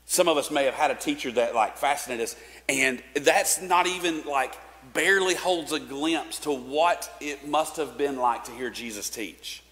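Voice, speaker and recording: A man's voice: mid-range voice, moderate pace, a bit bright. Man preaching in reverberant church. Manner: casual, conversational, with filler likes and restarts. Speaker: pastor. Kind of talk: sermon. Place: church sanctuary.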